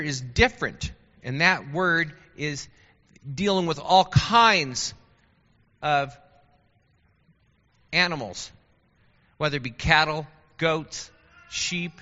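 A man teaching a Bible class in a chatty, animated way, asking his listeners questions. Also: a little high. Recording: dull lo-fi sound with long hall reverb.

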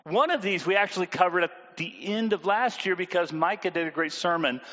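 A man's voice: high voice, a little fast, a bit bright, long reverb tail, highs cut off. A man preaching a sermon in a conversational way, often asking the congregation questions. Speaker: pastor.

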